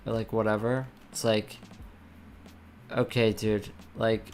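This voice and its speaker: A man's voice: lowish voice, steady tone, unhurried, creaky, darkish tone, a little hiss or hum. A man live-streaming while programming, chatting casually and ranting with lots of swearing and filler words.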